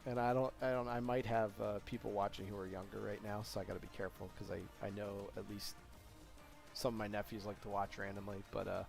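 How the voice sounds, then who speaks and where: Faint music sits behind this young man's lowish, creaky voice as he talks a little fast in a level tone. It's a casual live stream chat, and he spins long, rambling stories packed with fillers and frequent laughter.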